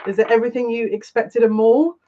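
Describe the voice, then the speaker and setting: A woman's voice: on the high side, steady tone, quick pace. A woman hosting a casual live psychic reading stream, chatty and rambling, greeting viewers by name. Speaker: psychic tarot reader. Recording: dull lo-fi stream audio with faint noise.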